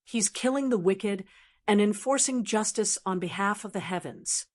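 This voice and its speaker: A woman's voice: medium pitch, normal speed, darkish tone, natural voice. A woman reading a brash young male heir. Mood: blunt. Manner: scoffing, blunt, bloodthirsty.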